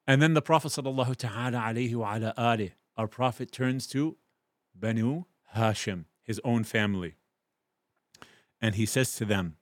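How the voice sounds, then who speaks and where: A male teacher talks to his students in an online class. He tells the story with plenty of energy and jumps into loud, high voices for the characters. The sound is close and dry, with no room around it. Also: normal speed, no room sound. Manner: animated, acts out quoted voices loudly. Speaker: Islamic teacher.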